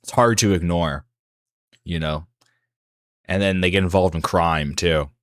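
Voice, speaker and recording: A man's voice: low voice, fairly even intonation, unhurried, dry recording, clean studio sound. A man hosting a livestream, talking in a casual, rambling monologue full of fillers and restarts. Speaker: livestream host.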